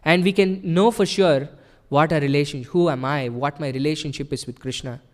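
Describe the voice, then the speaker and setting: A man's voice: fairly high pitch, steady tone, moderate pace, long reverb tail. A man giving an earnest devotional sermon at a temple, explaining patiently and often checking in with his listeners. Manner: earnest, explanatory, with frequent rhetorical "right?". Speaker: temple speaker. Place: temple hall.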